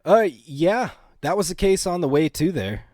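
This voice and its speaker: Lively man tossing in wisecracks. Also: a little high, normal speed, dry recording, studio quality. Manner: joking interjections, laughs, swears. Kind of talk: casual podcast chat.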